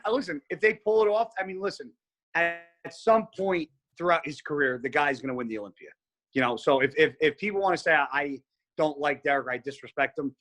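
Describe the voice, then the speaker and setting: A man as a podcast guest, telling stories in casual chat, blunt and heavy on profanity. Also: a little high. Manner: blunt, profane, animated storyteller.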